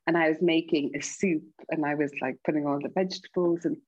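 An Irish woman, a TV cook and guest, chatting casually and acting out her stories with lively, jumping voices. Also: quick pace, breathy edge, dry recording. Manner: animated, acts out quoted dialogue with big pitch jumps. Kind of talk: casual storytelling chat. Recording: slightly dull, lo-fi podcast audio.

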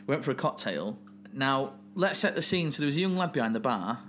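A man's voice: medium pitch, big pitch swings, brisk, a bit bright, slight background noise. A man in his late twenties, co-hosting a podcast, telling stories in a teasing, chatty way. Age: 20s. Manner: chatty, laughing, teasing storyteller. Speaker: podcast co-host. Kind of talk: casual banter.

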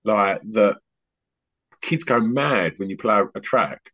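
A middle-aged man hosting a podcast on a video call, a rambling, animated storyteller who often restarts his sentences. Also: lowish voice, takes it slowly. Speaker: podcast host and DJ. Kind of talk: casual chat on an online call. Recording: muffled lo-fi online call audio.

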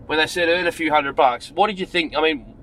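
Chummy Australian man chatting fast. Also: a little high, a bit bright, slight background noise. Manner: upbeat, chummy, calls riders mate and darling. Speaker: rideshare driver and podcast host. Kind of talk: casual chat. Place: inside a car while driving.

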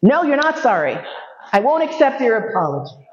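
A woman's voice: fairly high pitch, sing-song, a little fast. A woman giving a casual lecture and taking questions, joking often and swearing freely. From United States. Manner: joking, profane, frequent laughs. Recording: echoey room, dull lo-fi sound.

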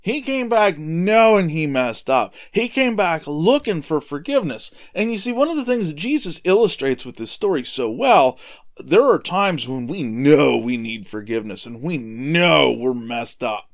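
Animated high-voiced man retelling a Bible story. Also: moderate pace. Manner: conversational, animated, with asides. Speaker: podcast host retelling Bible stories.

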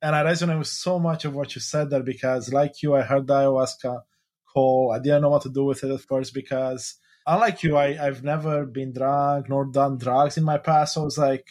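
A man's voice: fairly even intonation, normal speed. A man hosting a podcast, reading an appreciative listener message and responding supportively to his guest. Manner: warm, affirming outro pitch and responses. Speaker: podcast host. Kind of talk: podcast host talk.

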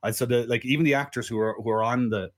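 A man's voice: medium pitch, steady tone, fast. An Irish man co-hosting a casual film-review podcast, chatting in a digressive way with frequent "right?" asides. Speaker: podcast co-host.

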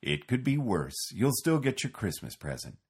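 Deep, husky, gentle old man voiced by the male narrator, low-key and weary. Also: very animated, normal speed, heavily acted. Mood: calm weary.

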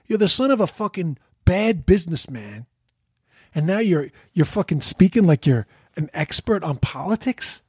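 A man's voice: on the high side, very animated, normal speed, slightly rough, dry recording, clean studio sound. A man giving heated, profane political commentary in a casual rant, often stumbling and repeating words.

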